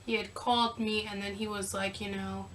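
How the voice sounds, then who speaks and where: A young woman vlogger telling a casual storytime, sassy and animated as she acts out the back-and-forth. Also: medium pitch, moderate pace, distant mic, a little hiss or hum, rough recording.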